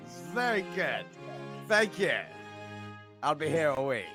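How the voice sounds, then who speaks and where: Londoner doing a posh english gent voice, overly polite, stiff, music in the background. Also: male voice, on the high side, big pitch swings, measured pace, voice pushed up. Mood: mock-formal. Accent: posh English put-on. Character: exaggerated posh English gentleman, male adult.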